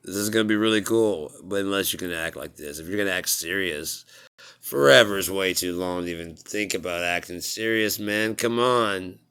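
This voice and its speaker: A man talks in a loose, rambling monologue, swearing freely and laughing at his own jokes. His voice is very deep, yet bright and forceful, with a smooth, clear resonance. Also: normal speed.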